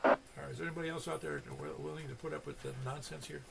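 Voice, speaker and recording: Gravelly older man running a radio net. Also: a little high, fairly even intonation, very fast, very noisy. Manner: rambling storyteller with many restarts. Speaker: net control host. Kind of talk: casual ham radio chat.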